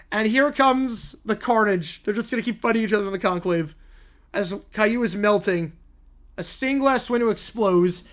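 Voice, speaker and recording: A man live-streaming, reading a silly story aloud with playful, animated asides. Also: very high voice.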